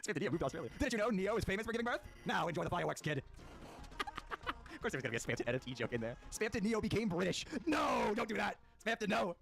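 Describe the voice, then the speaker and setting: A young man playing a video game, reading its text aloud in casual, jokey commentary with sudden loud outbursts over game music. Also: high voice, big pitch swings, rapid-fire, vocal fry.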